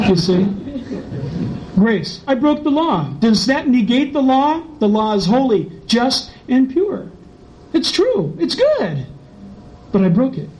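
A man's voice: very high voice, slow, pauses often. A middle-aged man, preaching a sermon full of personal stories, acting out voices as he goes. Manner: animated storyteller, acts out voices and laughs. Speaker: pastor. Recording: slightly dull, faint background noise.

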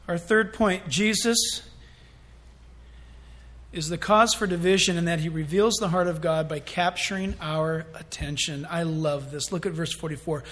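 A man preaching a sermon in church, animated and acting out little scenes in voices. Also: fairly high pitch, a little slow. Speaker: pastor.

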